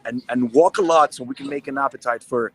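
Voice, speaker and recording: A man roving an outdoor farmers market for a live show, talking excitedly as he walks. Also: mid-range voice, fast, a little hiss or hum. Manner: excited, talks while walking. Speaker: roving reporter. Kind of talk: live on-location chat.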